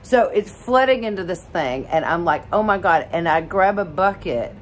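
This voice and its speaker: A middle-aged woman from Alabama with a fairly low voice tells a story in a loose, rambling way, full of fillers and quick laughs. Faint background noise sits under her voice. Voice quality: lively, rambling, lots of "like" and laughs. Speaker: vlogger. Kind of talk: casual storytelling.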